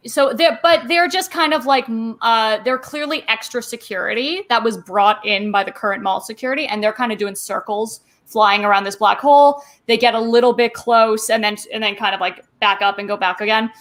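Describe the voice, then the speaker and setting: Woman game master, high bright voice, giggly, halting narration. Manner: giggly, halting, describes scenes with many fillers.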